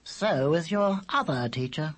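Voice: medium pitch, big pitch swings, normal speed, breathy edge, voice pushed up. A reader voicing a clever talking baby boy who speaks in a dry, patient, know-it-all way. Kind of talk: audiobook character voice.

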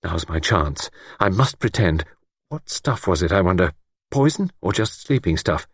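A man voicing a sharp-witted young woman, her tense inner thoughts and a put-on drowsy voice, in a storybook reading. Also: low voice, very animated, normal speed, husky, dry recording, studio quality, full character voice. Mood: tense thinking.

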